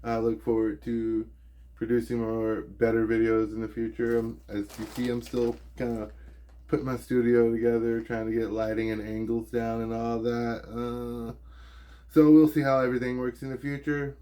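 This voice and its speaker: American dude rambling on his vlog, kinda slurry lazy lips, lots of ums, mid pitch. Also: little pitch movement, normal speed, dark tone. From United States. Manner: hesitant, lots of ums and likes. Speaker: YouTuber. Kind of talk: casual vlog monologue. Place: home studio.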